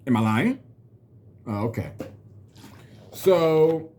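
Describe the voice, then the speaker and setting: A man's voice: on the high side, very animated, extremely slow, darkish tone, a little hiss or hum. A man in his thirties telling a personal story in a blunt, profane, venting way. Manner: blunt and profane, venting, slips into mocking quoted voices. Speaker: vlogger. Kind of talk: casual storytelling rant to camera.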